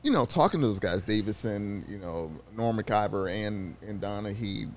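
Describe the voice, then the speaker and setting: Low-ish guy guest on a sports pod, telling stories, lots of ums. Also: normal speed, slight background noise. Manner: storytelling, animated, with restarts and fillers. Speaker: newspaper sports reporter, in-studio guest. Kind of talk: casual sports podcast chat. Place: studio.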